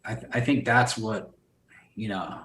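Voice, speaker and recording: A man's voice: fairly low pitch, steady tone, unhurried, fairly bright tone, roomy sound. A man, a guest on a podcast, talking loosely and profanely with lots of fillers. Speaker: podcast guest, solar sales company owner. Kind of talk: casual podcast interview.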